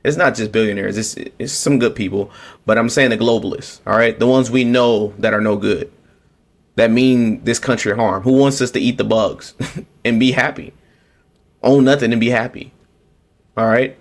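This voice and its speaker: Man, mid-pitched voice, casual political commentary, sarcastic and repetitive. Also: fairly even intonation, normal speed. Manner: repetitive, restarts, sarcastic mocking quotes. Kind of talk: casual political rant to camera.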